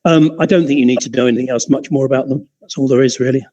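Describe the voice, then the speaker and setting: A man's voice: medium pitch, fairly even intonation, rapid-fire, warm tone, lo-fi sound. A man teaching an optics class in an informal, chatty way, often digressing and restarting his sentences. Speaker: optics lecturer.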